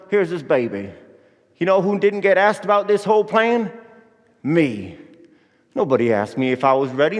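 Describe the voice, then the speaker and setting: An actor playing Joseph as a folksy, anxious young father, drawling with country grammar, in a church Christmas monologue. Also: high-pitched. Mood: fretful. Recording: echoey church hall.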